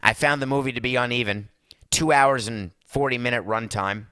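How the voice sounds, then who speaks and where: A male podcast host with a bright, forceful voice talks in a sarcastic, rambling way and throws asides to his producer. The sound is dry and close, with no room echo. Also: medium pitch, normal speed, clean tone. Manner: mock Italian accent in one brief bit. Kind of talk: opinionated sports and culture talk.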